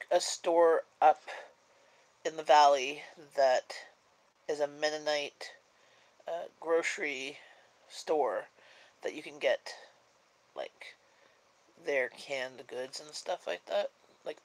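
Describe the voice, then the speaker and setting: A Canadian woman with a low voice hosts a laid-back live-stream chat, sounding sleepy and yawning as she rambles with lots of filler words. The recording quality is poor.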